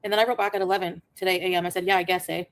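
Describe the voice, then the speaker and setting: A woman vlogger telling a story in a rapid, exasperated way, reading out text messages. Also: on the low side, little pitch movement. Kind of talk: casual storytelling vlog.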